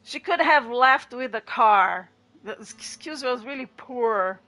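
A woman streaming a horror game live, yelling and swearing at her teammates and chatting with viewers. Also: fairly high pitch, takes it slowly. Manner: excitable, swears and yells at other players; talks to chat between rounds. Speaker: gaming livestreamer. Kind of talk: live gameplay commentary.

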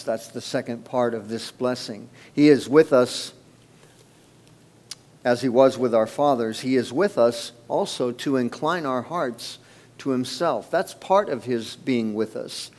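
Male pastor, sermon, slow measured delivery, middle pitch, emphatic pauses. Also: a little mellow. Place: church sanctuary.

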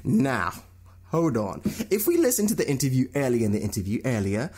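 A young man hosting a solo radio talk show, giving lively commentary on movie news and slipping into quick impressions of other people. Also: medium pitch, slightly rough. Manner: animated, mimics people in quick put-on voices.

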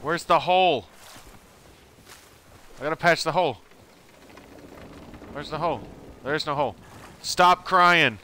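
A man's voice: a little high, moderate pace, long pauses, a bit bright, a little hiss or hum. A man streaming live gameplay, talking to himself with frantic exclamations and swearing.

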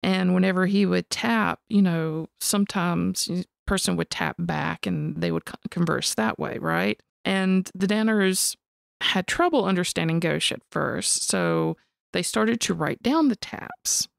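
A woman co-hosting a podcast, telling a story in an animated, casual way and swearing freely. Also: lowish voice, measured pace, gravelly, no room sound, studio quality. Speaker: podcast co-host.

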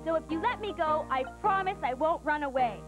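A woman's voice: high voice, lively intonation, brisk, music in the background, low-quality recording. A storyteller voicing a small, bold male mouse who stands up to a lion.

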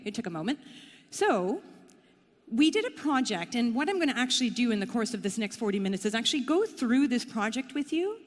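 A middle-aged woman from Canada giving a conference talk in a chatty, playful, self-deprecating way. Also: fairly high pitch. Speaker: conference speaker. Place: conference hall. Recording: long hall reverb.

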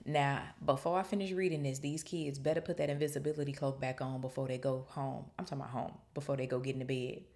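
A woman podcast host reading a novel aloud and breaking off for chatty, animated asides. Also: a bass voice, quick pace, few pauses. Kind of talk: reading aloud with casual commentary.

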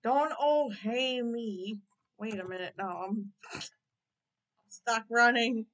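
A woman voicing a grumpy, quick-tempered bald male math teacher in his forties, indignant and threatening. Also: a little high, a bit bright, low-quality recording. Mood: scolding.

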